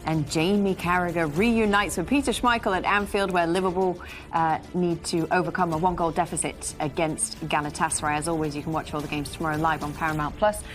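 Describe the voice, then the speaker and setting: A woman hosting a studio football show, reading schedules and handing to guests in a brisk, upbeat way. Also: fairly low pitch, fairly even intonation, soft background music. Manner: brisk, upbeat presenter delivery. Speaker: host. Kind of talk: studio sports show presenting.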